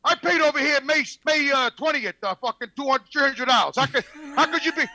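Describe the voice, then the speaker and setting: A man telling a story on a podcast, profane and excitable. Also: extremely high pitch, brisk, slight background noise. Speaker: podcast regular.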